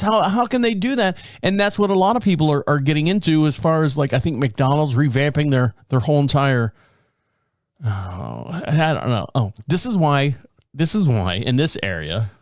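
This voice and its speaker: A man's voice: a little high, no echo. Middle-aged male podcast host, exasperated rambler, swears freely, dry close studio sound. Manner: rambling, exasperated storytelling with profanity. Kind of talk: casual solo rant. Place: home studio.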